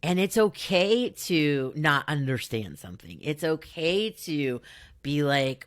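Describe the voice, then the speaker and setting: A middle-aged woman with a Valley girl accent hosts her podcast in an upbeat, chatty manner. Her voice sits low but swings widely in pitch. The sound is dry and close. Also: very animated, takes it slowly, no room sound. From Southern California. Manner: upbeat, chatty, frequent fillers and laughs. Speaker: podcast host. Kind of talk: casual solo podcast talk.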